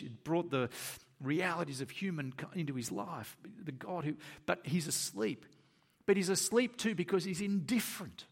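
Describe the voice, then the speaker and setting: A man with a medium-pitched voice preaches a sermon, reading scripture and then explaining it animatedly while acting out the voices of Jesus and the disciples.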